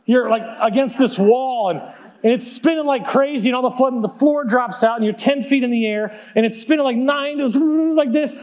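A man in his thirties preaching a storytelling sermon, animated and comic, laughing at himself. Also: extremely high pitch, fairly quick.

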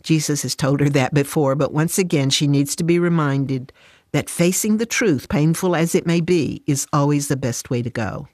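A woman narrating a devotional story in a soft, measured way. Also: low-pitched, dry recording, clean studio sound.

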